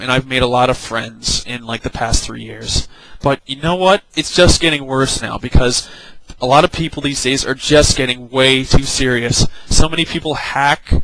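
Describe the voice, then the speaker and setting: A man's voice: on the high side, a bit bright, dry recording, low-quality recording. A young man giving an angry, exasperated rant about an online game, swearing and mocking other players with sarcasm. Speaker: gaming vlogger.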